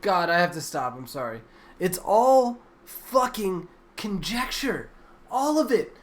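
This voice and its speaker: A man's voice: high voice, sing-song, takes it slowly. A man hosting a livestream, reacting to news clips with crude, exasperated, rambling commentary full of swearing. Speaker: livestream host.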